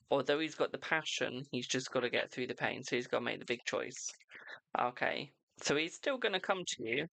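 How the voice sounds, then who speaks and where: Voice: mid-range voice, animated, brisk, gravelly, fairly bright tone, no room sound. A tarot reader hosting a casual livestream, chatty and informal, talking straight to the viewers while sounding tired. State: tired, yawning.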